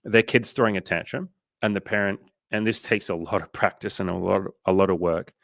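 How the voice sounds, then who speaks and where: A man's voice: low voice, brisk, gravelly, a bit bright, no room sound, studio quality. A young Australian man coaching casually on a livestream, swearing freely and acting out inner voices as he talks.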